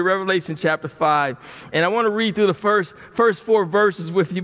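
A male pastor preaching an impassioned sermon, swinging from quiet to loud and repeating phrases for emphasis. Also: high voice. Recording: long reverb of a large hall.

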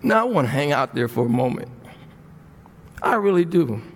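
High-voiced preacher in an echoing hall. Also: male voice, big pitch swings, moderate pace, a little hiss or hum. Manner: impassioned, swinging from quiet to loud with heavy repetition. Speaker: pastor. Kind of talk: sermon. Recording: long reverb of a large hall.

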